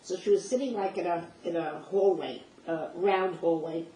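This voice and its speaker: A woman's voice: on the low side, moderate pace, warm tone. Older woman telling a story in a roomy space. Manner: vivid, emotional retelling with reenacted dialogue. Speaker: speaker sharing personal memories. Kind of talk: first-person storytelling. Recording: roomy distant mic with faint noise.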